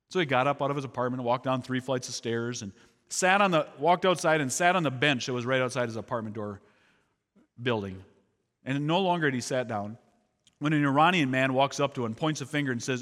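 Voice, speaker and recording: A man speaks as a missionary, delivering an animated storytelling sermon and acting out the people he quotes. His voice sits at an ordinary middle pitch. It rings out with a long reverb, as in a large hall. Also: brisk.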